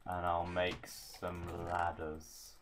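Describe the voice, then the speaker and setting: A man's voice: deep voice, completely flat delivery, drawn-out words, over a noisy crowd. A man chatting casually while gaming, dry and teasing toward his friend. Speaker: gamer co-host. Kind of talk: casual let's-play chat.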